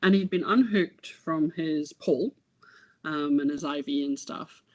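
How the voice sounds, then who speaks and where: A woman, talking about her son as an interview guest, halting and reflective, often trailing off. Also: low voice, dry recording, highs cut off. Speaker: interview guest, bereaved mother. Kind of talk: casual conversation.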